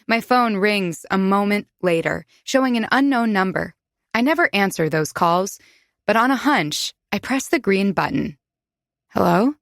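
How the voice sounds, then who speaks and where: A woman's voice: medium pitch, lively intonation, normal speed, dry recording, studio quality. A woman narrating a first-person romance audiobook in an intimate, confiding way.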